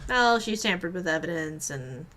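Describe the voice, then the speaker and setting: Woman making quiet game commentary. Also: fairly low pitch, expressive, normal speed, a little hiss or hum. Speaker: game streamer. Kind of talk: casual playthrough commentary.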